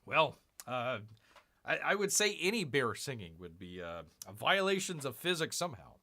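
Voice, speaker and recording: Calling himself Bear, a man hosts a relaxed live stream, unboxing comics, reading chat and rambling with self-mocking humor. He has a medium-pitched, sing-song voice, bright and pushed, at a moderate pace.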